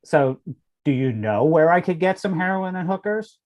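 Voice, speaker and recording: A man voicing a bewildered, deadpan male passerby in an improvised comedy reading over a video call. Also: a little high, normal speed, natural voice. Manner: deadpan comic replies.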